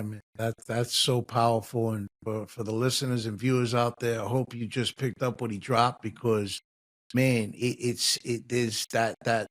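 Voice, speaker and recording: A man hosting an interview podcast, speaking earnestly with halting restarts. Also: medium pitch, fairly bright tone. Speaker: podcast host. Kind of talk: interview talk.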